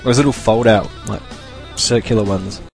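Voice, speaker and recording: Rambling Australian man, low voice. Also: moderate pace, soft background music. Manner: rambling, chuckling, loose and irreverent. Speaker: podcast host. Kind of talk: casual solo podcast rant.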